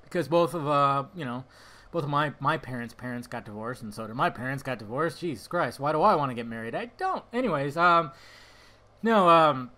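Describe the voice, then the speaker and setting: Young man, podcast host, casual rambling talk, tangents, bright forceful voice. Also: mid-range voice, lively intonation, a little fast.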